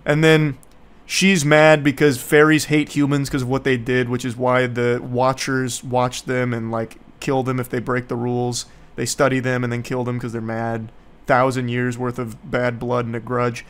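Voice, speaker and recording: A man's voice: mid-range voice, flat delivery, moderate pace, clear, resonant tone. A young man streaming, casually recapping a bad movie to his viewers in a sarcastic, profane, rambling way.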